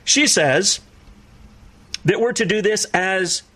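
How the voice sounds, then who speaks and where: A man preaching commentary on played clips in an incredulous, animated way, often acting out other people's voices. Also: high-pitched, slow pace.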